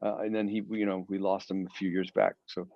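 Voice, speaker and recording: A man's voice: sits low, a little fast, vocal fry, dry recording. Man telling stories over a dull, dry call line. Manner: rambling, animated storyteller who acts out quotes. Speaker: guest guitarist. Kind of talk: casual storytelling in an interview.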